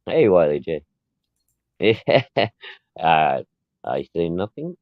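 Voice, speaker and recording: Man, very low voice, relaxed podcast co-host, dry tinny phone-line audio. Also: very slow, no echo. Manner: laid-back, chuckling storyteller. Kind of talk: casual chat.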